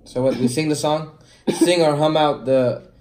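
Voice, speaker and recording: A young man chatting casually with his partner during a guessing game, relaxed and swearing freely in everyday slang. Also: a little high, measured pace. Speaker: vlogger, husband.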